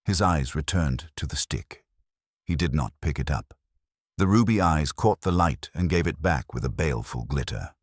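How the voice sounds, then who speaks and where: A male narrator tells a period mystery in measured, literary storytelling. His voice is extremely deep and husky, with a lively, expressive melody. It is recorded close and dry, with no room sound. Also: no echo. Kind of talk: scripted audiobook narration.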